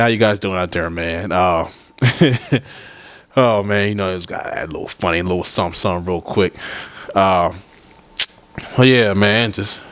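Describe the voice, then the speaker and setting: A man with a fairly low, smooth, clear voice hosts his own podcast, recorded close and dry on a studio mic with headphones. He talks in a loose, rambling way and swears freely. He keeps drifting into asides. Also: a bit bright, no room sound. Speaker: podcast host. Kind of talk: casual solo podcast chat.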